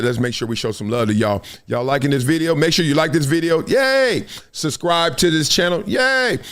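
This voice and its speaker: A middle-aged man hosting his own live show, talking in an animated, casual way, acting out quotes and laughing often. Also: mid-range voice. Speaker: host.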